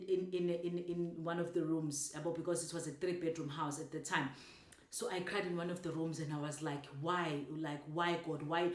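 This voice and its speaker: A woman's voice: on the low side, roomy sound. A woman with a South African accent telling a personal story of faith, emotional and repeating herself often. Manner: emotional, repetitive, mixing in isiZulu words. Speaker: speaker sharing a personal story. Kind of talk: personal testimony.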